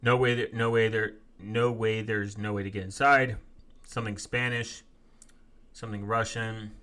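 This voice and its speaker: A man live-streaming in a casual, profane rant, reading viewer comments aloud and quickly flaring up as he rebuts them. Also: on the low side, fairly even intonation, fairly bright tone. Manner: profane, quick to flare up angrily. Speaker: live streamer answering chat.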